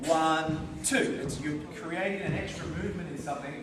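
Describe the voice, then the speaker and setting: A karate instructor teaching a class, drilling the students with call-and-response and calling out counts with energy. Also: male voice, on the high side, moderate pace. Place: large training hall. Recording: echoey hall from far off, noisy.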